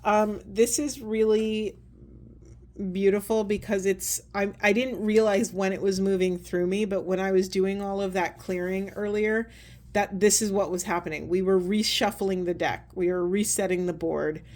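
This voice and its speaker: Woman, oracle card reader, soft and earnest, meandering delivery with fillers. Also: medium pitch, fairly even intonation, normal speed. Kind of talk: spiritual card reading talk.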